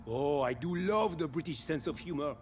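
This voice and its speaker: A man's voice: fairly high pitch, lively intonation, moderate pace, darkish tone, soft background music, close to an everyday voice. A man with a French accent voicing a gleeful, decadent vampire aristocrat in a video game, theatrical and purring. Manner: theatrical, purring, relishing every word.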